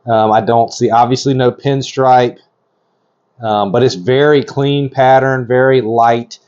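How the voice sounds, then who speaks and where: A man casually narrating while he works with his animals, excitable and chatty, with lots of fillers and restarts. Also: medium pitch, a little slow, highs cut off. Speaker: reptile breeder.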